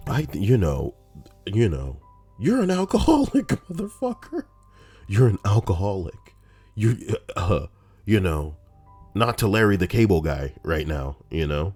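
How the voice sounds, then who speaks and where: Deep-voiced man ranting on a stream. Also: a little slow, breathy edge, soft background music. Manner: rambling, profane, animated. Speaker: streamer reading Reddit posts. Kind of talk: casual livestream commentary.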